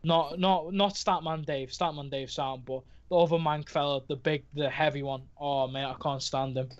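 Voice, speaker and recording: A man's voice: a little high, steady tone. Scouse man on muffled call audio. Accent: Liverpool (Scouse). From Liverpool, England. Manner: laughs often, quick mate-laced chatter. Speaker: co-host. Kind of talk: casual football chat.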